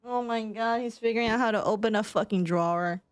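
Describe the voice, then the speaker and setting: A woman's voice: on the high side, fairly quick. A young woman streaming casual chat from home, rambling, laughing often and swearing. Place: home room.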